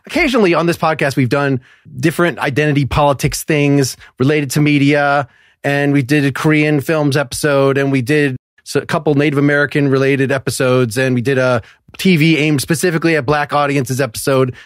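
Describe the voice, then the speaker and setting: Man, podcast host, casual panel chat, joking, self-deprecating, slightly high voice, dry sound. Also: steady tone, a little fast, dry recording.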